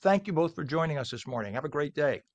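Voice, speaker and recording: A man's voice: a little high, lively intonation, quick pace, lo-fi sound. A man hosting a live morning TV show, chatty and jokey, tasting food as he talks. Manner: chatty, jokey, talking with his mouth full.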